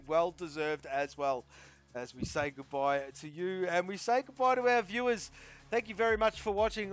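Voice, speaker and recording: A man with a high, slightly bright voice hosts post-race interviews for a sim racing league. He's upbeat and talkative, trading friendly banter with the drivers and repeating stock phrases.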